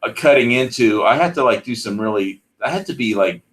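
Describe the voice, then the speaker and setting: A man in casual chat, a recording engineer who rambles excitedly and trails off mid-sentence. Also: medium pitch, fairly quick.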